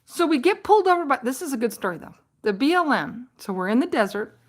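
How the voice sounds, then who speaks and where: A woman talks to her live-stream viewers in a loose, rambling storytelling style. She laughs often, restarts her sentences and speaks with a fairly high voice. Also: very animated, fast. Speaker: vlogger on a live chat stream.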